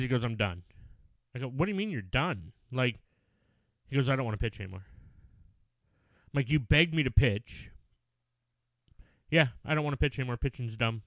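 A man in his thirties tells a story about coaching his son's baseball team. He talks in an animated way and curses when he gets worked up. His voice is mid-pitched, and the sound is dry and close. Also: no room sound. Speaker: youth baseball coach and father. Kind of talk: casual chat.

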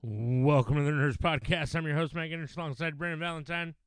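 A man hosting a podcast in relaxed, conversational chat. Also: a little high, fast, a little hiss or hum. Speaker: podcast host.

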